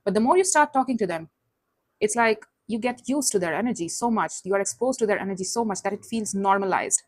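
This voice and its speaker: A woman's voice: medium pitch, expressive, fast talker, dry recording. Woman, tarot reader, casual and direct, tag questions, dry recording. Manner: conversational, calls listener honey, asks tag questions. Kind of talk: tarot reading to camera.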